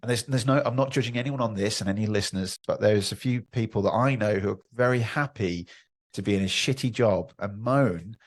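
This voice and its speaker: A man hosts a podcast with a fairly low voice. He speaks earnestly about himself, often trailing off mid-thought and then starting again. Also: brisk. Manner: earnest, self-reflective, trails off and restarts. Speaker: podcast host. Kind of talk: casual interview chat.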